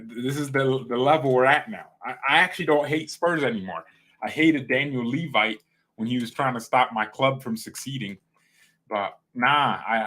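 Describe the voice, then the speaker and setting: Young man, fan channel host, slangy, rambling, mid-pitched voice. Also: a bit bright. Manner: rambling, slangy, jumps between topics. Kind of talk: casual football reaction chat.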